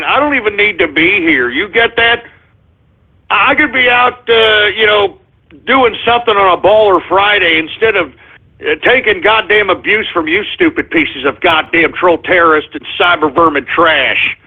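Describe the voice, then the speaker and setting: Radio host, high-pitched man, furious shouting rants full of cursing, tinny lo-fi sound. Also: slightly rough. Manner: angry, shouting, swearing, drawn-out taunts. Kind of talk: live call-in radio rant. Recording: tinny lo-fi broadcast audio.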